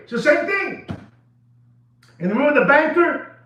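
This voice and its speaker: A man dealing in watches, ranting excitedly to camera in casual talk, repeating himself and dropping into Spanish phrases. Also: very high-pitched, moderate pace, pauses often. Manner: animated, repetitive, switches into Spanish phrases. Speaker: watch dealer. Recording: echoey room, dull lo-fi sound.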